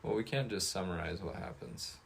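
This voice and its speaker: Deep-voiced guy chatting casually about a film, lots of ums and restarts. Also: a little fast, gravelly, a little hiss or hum. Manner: rambling, hesitant with many fillers and restarts. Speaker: podcast co-host. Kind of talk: casual movie review chat.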